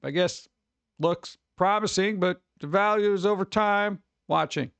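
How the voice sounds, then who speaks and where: A man with a fairly high voice rambles through a casual stream, joking and launching into animated mock rants. He is heard close and dry on a desk mic, with no room sound. The delivery is loose and conversational. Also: unhurried, creaky, smooth, dry recording. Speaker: streamer host. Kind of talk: casual chat reacting to viewer messages.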